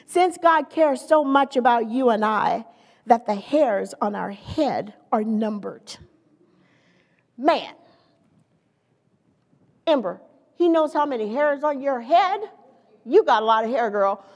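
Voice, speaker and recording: A woman preaching a sermon in a lively, conversational way, with playful asides to the congregation. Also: on the high side, slow, long pauses, in a large hall.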